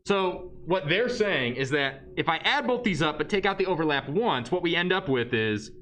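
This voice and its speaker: A man's voice: a little high, lively intonation, moderate pace, fairly bright tone. A man teaching a math lesson to his class in a chatty, joking way, often checking in with questions. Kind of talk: live-streamed classroom lesson.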